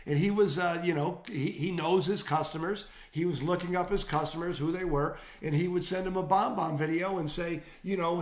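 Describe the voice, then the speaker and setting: A man with a Michigan accent co-hosting a retail training webinar, giving advice in an energetic, coaching tone. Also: a little high, echoey room. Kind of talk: casual webinar talk.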